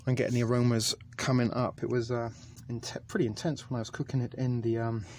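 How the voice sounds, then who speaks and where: A man's voice: medium pitch, flat delivery, fairly quick, a little mellow, slight background noise. A man casually reviewing a ration pack on camera, talking in a hesitant, chatty way with many ums. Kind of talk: casual food review vlog.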